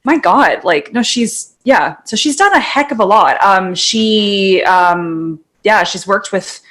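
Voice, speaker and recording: A woman's voice: medium pitch, expressive, slow, a bit bright. A woman co-hosting a podcast, chatting casually with plenty of "like" and "um". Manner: chatty, lots of "like" and "um". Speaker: podcast co-host.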